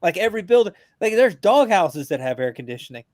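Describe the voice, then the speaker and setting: A veteran calling in to a podcast, talking casually in an animated, joking, profane rant. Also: male voice, high voice, fast talker, no echo, clean studio sound. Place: abroad, remote from the hosts.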